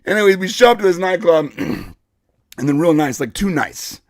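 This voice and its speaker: A man co-hosting a podcast, telling a wild story in a casual, animated way and acting out what people said. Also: sits high, moderate pace, no room sound, clean studio sound. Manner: animated, acts out quotes. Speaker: podcast co-host.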